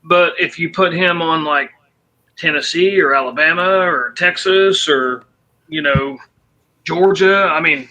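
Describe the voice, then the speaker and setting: Man, sports talk host, fairly high voice, bright and forceful tone, joking, rambles with restarts, remote call mic. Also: measured pace, lo-fi sound.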